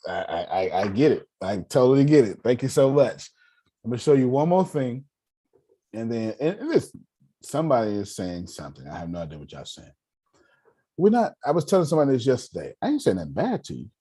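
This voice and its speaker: A man's voice: medium pitch, sing-song, brisk, dark tone, husky. A man coaching a group on a call, talking in an emphatic, repetitive, preacher-like cadence. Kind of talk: motivational talk.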